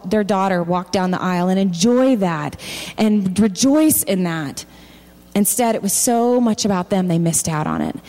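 A woman's voice: mellow, long reverb tail. A woman giving a sermon at a church, reading scripture aloud and voicing the people in it. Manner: reads scripture aloud, acting out quoted voices with rising pitch. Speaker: speaker at a church. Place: large church hall.

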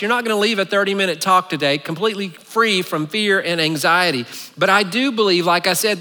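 A man's voice: sits high, pushed and bright. A male pastor giving a conversational sermon, earnest, with wry asides, in a church sanctuary. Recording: echoey hall reverb.

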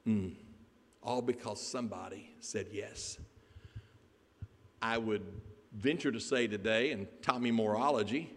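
A man preaching a sermon, telling a Bible story in an animated way and putting questions to the congregation. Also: medium pitch. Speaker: pastor. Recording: echoey hall.

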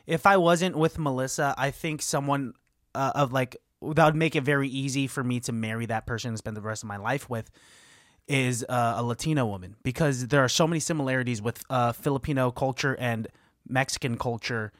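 A man co-hosting a casual podcast, excitedly retelling movie scenes and his own trips. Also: medium pitch, a little fast, no echo, studio quality. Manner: excitable, animated retelling with laughs. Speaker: podcast co-host. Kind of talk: casual chat about a movie.

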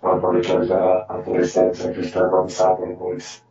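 A man talking through a voice-changer filter that turns him into a deep male cyborg voice, teasing and bossy. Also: completely flat delivery, quick pace, vocal fry, warm tone. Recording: muffled lo-fi mic, echoey.

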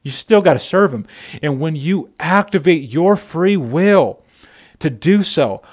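A preacher speaking as a patient male teacher, correcting a follower in a relaxed, casual way. The voice stays close to the preacher's own, only a little higher. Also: a little slow. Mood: gentle. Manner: casual, chiding then reassuring.

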